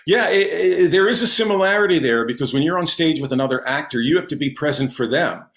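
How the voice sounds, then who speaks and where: A man, a comedian and magician, telling stories animatedly as a guest on a casual podcast, with a loud laugh, talking from home. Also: fairly high pitch, lively intonation, fast talker. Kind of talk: casual podcast interview storytelling. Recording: roomy echo.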